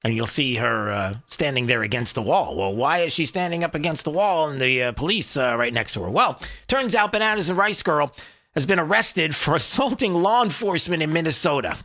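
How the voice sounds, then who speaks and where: A man's voice: on the high side, lively intonation, normal speed, over music. An American man hosting a political talk radio show, sarcastic and rambling with many fillers.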